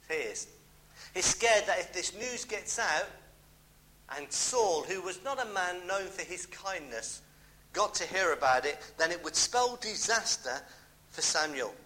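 A man's voice: high-pitched, lively intonation, a little slow, pushed and bright, a little hiss or hum, poor audio. A middle-aged man with a British accent preaching a sermon, emphatic, repeating key phrases and adding homely asides.

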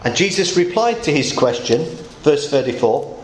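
A man preaching a sermon, explaining scripture step by step with emphatic, animated delivery. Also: on the high side, moderate pace, echoey room, slight background noise, low-quality recording.

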